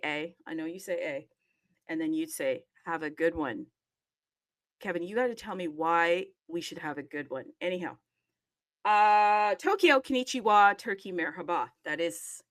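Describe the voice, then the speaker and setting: A woman's voice: medium pitch, fairly bright tone. Bubbly chatty woman hosting. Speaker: host. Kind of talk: casual live audio chat.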